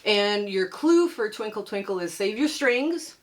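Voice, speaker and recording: A woman's voice: mid-range voice, animated, a little slow. An older woman from Canada hosting a quilting channel, chatting casually and upbeat with frequent laughs, a bit under the weather and coughing. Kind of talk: casual tutorial chat to camera.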